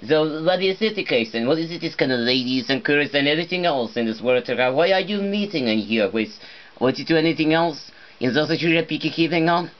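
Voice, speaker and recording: Brief: a man rambling alone, halting and searching for words, slightly muffled recording. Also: a little high, animated. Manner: halting, full of fillers and restarts, non-native phrasing. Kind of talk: rambling solo monologue.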